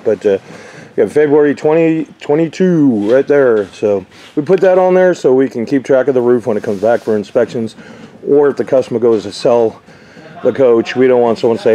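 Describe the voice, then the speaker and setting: A man's voice: mid-range voice, moderate pace, dark tone, highs cut off. A man giving a casual, rambling job-site walkthrough of an RV roof repair, with lots of fillers. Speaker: RV roof installer.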